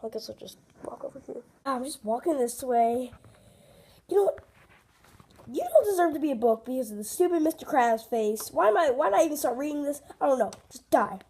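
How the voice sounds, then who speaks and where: A woman's voice: high-pitched, animated, fast talker, hardly any pauses, darkish tone, husky. A woman rambling through a toy play skit, asking questions and voicing every toy herself.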